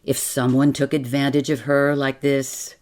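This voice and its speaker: A woman voicing a calm, earnest middle-aged father who reasons patiently in a spoken story. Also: rumbling low, a little slow. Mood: earnestly reasoning.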